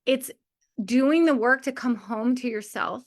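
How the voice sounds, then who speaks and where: In a high, unhurried voice, a woman in her forties delivers a heartfelt, chatty pep talk to a group of mothers, sprinkling in "like" and frequent little laughs.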